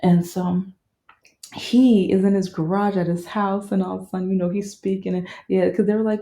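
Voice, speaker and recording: A woman's voice: mid-range voice, flat delivery, moderate pace, dark tone, roomy sound. A woman talking casually about a film she loved, rambling with many fillers and restarts. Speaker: vlogger reviewing a film. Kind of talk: casual monologue.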